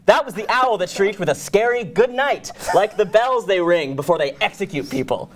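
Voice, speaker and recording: A man reading the part of a ruthless, scheming noblewoman who goads her husband. His voice swings a lot in pitch as he reads. It is a loose, comic read-through rather than a polished performance. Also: animated, moderate pace. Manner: reads stage directions and lines aloud, breaking into laughs. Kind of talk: comic table reading of a play.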